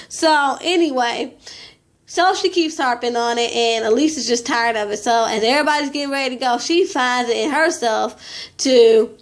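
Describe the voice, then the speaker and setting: High-voiced, chatty woman giving a gossip recap. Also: moderate pace. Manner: chatty, opinionated, heavy use of "you know" and slang. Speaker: reality TV recap vlogger. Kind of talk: casual gossipy episode review.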